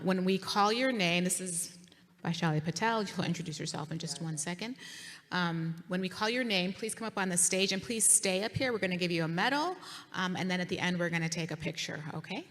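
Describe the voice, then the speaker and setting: A woman's voice: fairly low pitch, a bit bright. A woman, a club co-sponsor, hosting an awards ceremony and giving friendly directions. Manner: friendly, gives practical directions. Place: school auditorium. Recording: reverberant hall.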